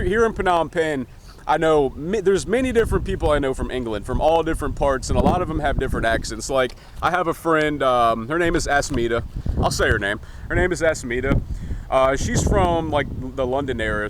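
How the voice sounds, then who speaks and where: A man's voice: on the high side, slight background noise. A man vlogging in a rambling, profane, jokey way, recorded outdoors in a city. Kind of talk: casual opinion vlog.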